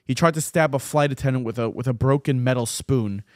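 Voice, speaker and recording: This male podcast host speaks at a medium pitch and a slightly quick clip, relaying news stories in a relaxed chat. He tends to repeat words as he sorts out what to say next, and the audio is clean and studio-made, free of room sound.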